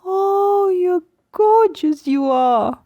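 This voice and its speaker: A woman voicing a new mother who coos at her newborn baby in a slow, high, sing-song voice with puckered lips, repeating herself. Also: animated, mellow, no echo, exaggerated voice. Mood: cooing. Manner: repetitive, exaggerated rise and fall.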